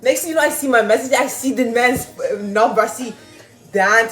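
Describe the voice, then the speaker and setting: A young woman, telling a story casually to her viewers in an animated, swearing manner and laughing often. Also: fairly high pitch, fairly quick. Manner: animated, swearing, laughing, reading chat aloud. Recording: roomy with faint music.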